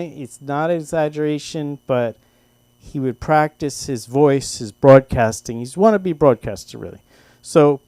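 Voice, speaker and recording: An older man at a comedy open mic, telling a long personal story in a halting, self-deprecating way with lots of restarts. His voice sits a bit high for a man and sounds close and dry. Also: dark tone, no echo. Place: comedy club stage.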